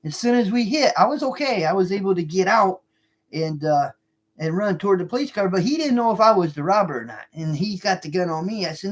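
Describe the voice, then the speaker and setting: A former cab driver casually telling a story to truckers. The speaker talks in an animated way, repeating lines and restarting sentences. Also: mid-range voice, brisk. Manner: animated, repeats lines and restarts while retelling a tense event.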